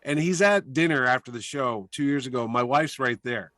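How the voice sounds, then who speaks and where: A man in a relaxed interview, spinning long anecdotes with lively energy. His voice sits in a middle register, and the recording sounds dry and close. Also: medium pitch, moderate pace, no echo. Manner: animated storyteller, talks through anecdotes. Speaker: comic convention organizer, podcast guest; weekly radio show host. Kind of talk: casual storytelling interview.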